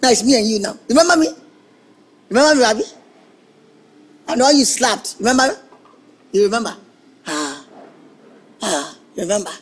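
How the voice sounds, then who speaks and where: A man playing an excitable young electrician who stammers and protests dramatically. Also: high voice, normal speed, long pauses, slightly rough, exaggerated voice. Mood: taunting. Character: excitable young male electrician, indignant and mocking. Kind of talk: Nollywood film acting.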